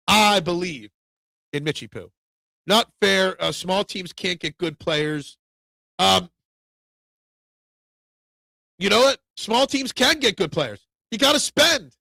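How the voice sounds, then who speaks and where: A man's voice: high-pitched, animated, slow pace, vocal fry, long pauses, sharp tone, no echo. A man hosting a casual sports talk stream, rambling through opinions and answering viewer comments. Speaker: sports talk show host.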